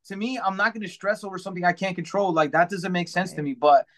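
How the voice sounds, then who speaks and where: A man in casual podcast conversation, his voice sitting a touch high for a man. He talks in an upbeat, rambling way, stringing thoughts together with constant fillers. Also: steady tone, fast. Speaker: podcast guest. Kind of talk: casual chat.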